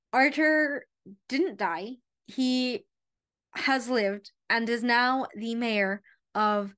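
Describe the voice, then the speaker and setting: A woman's voice: medium pitch, a bit bright. A young woman chatting emotionally about a favorite book and reading passages aloud. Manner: gushing, emotional. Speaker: book reviewer.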